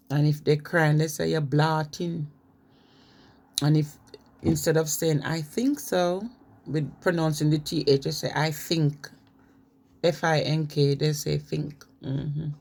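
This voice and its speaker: A woman's voice: sits low, darkish tone. A woman talks casually about how people speak in different places. She spells words out letter by letter and slips into imitations of the local pronunciations. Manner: spells words out letter by letter and mimics regional accents. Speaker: vlogger. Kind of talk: casual explainer on accents.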